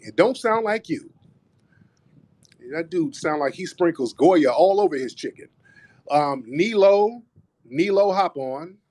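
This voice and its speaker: A man's voice: fairly high pitch, lively intonation, unhurried, long pauses, a little mellow. A man hosting a live online audio room, taunting a caller in a heated debate and calling him "brother" over and over. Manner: taunting, repeats "brother", mocking. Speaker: host.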